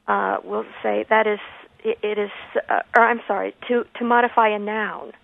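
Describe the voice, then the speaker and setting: Gravelly-voiced woman explaining grammar by phone. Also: mid-range voice, fairly even intonation. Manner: measured, explanatory, thoughtful pauses. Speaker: grammar author, radio guest. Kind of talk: radio call-in conversation. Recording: phone line.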